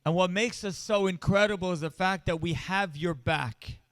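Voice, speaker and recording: High, clear-voiced rabbi giving a speech. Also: male voice, moderate pace, a bit bright, no room sound. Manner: storytelling, rising to impassioned emphasis. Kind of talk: sermon-style speech at a charity event.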